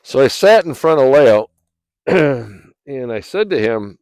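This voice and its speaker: A man telling a personal story in a rambling, casual way, clearing his throat often, recorded outdoors by a fire. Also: medium pitch, very animated, measured pace, darkish tone, dry recording. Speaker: vlogger.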